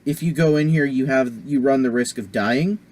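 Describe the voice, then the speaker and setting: A man's voice: medium pitch, a little mellow. Rambling man reviewing a movie. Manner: rambling, halting, many fillers and self-corrections. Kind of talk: casual movie review vlog.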